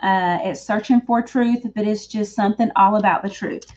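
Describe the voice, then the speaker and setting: A chatty woman lays out tarot cards on a live stream, talking in a loose, rambling way and correcting herself as she goes. Her voice sits at a middle pitch. The stream audio is dull and lo-fi. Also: steady tone, normal speed, darkish tone. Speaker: psychic reader. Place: back room of a shop.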